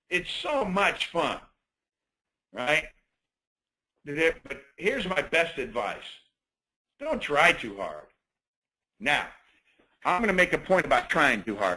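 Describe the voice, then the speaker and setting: A man coaching listeners on a call, telling stories with lively energy and slipping into acted-out dialogue. His voice sits a little high, with a bright, forceful tone. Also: poor audio. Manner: animated storyteller, acts out dialogue. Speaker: sales coach. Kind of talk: coaching talk on a conference call.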